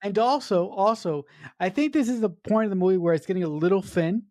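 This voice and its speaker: A woman's voice: medium pitch, a little fast, a little mellow, dry recording, clean studio sound. A woman co-hosting a podcast, breaking down a film in casual chat, ranting with swearing and stumbling over fillers. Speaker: podcast co-host.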